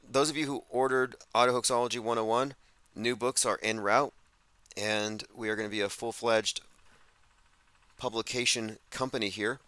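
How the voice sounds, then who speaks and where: A man with a fairly low voice hosts a casual livestream. His tone is forceful and sardonic, and he reads viewer comments aloud. The sound is dry and close, with no room echo. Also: smooth. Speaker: host.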